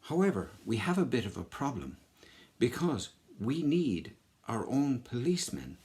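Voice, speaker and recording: Man as plain, earnest minister, lively delivery, kids' history piece. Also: medium pitch, normal speed, close to an everyday voice. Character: earnest male government minister, dutiful.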